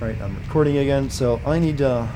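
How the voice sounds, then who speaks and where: A man's voice: mid-range voice, fast talker, noisy background. A man streaming a video game, chatting casually with viewers about connection problems and his play.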